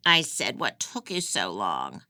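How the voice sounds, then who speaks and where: The audiobook reader voicing a frail, unhinged old female prisoner with a raspy voice. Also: medium pitch, wildly swooping pitch, slow, pushed and bright, dry recording, pitched above the performer's own voice, exaggerated voice. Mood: menacing. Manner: menacing, then shrieking. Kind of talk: audiobook character voice.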